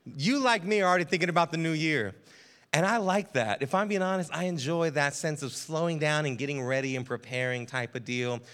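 A man's voice: a little high, brisk, a bit bright. A man serving as lead pastor, giving a casual, chatty sermon to his congregation in a church, full of fillers and self-corrections. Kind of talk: conversational sermon.

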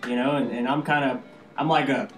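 A man's voice: mid-range voice, steady tone, a little fast, roomy sound, recorded from a distance, faint music behind. A man hosting a casual fishing podcast, telling rambling stories with lots of fillers. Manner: rambling storyteller, many fillers. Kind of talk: casual chat.

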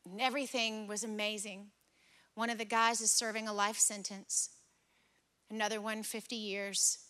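A middle-aged woman pastor preaching a sermon, telling a personal story with lively, acted-out dialogue. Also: on the high side. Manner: animated, acts out dialogue in stories. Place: church service.

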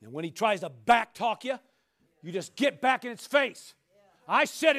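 High-voiced man preaching a fiery sermon. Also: sing-song, measured pace, vocal fry. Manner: emphatic, rising to shouts, repeats rhetorical questions. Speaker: pastor.

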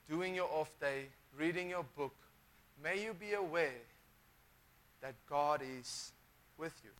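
A man's voice: high-pitched, a bit bright. A man preaching a sermon, emphatic, often repeating phrases and restarting sentences.

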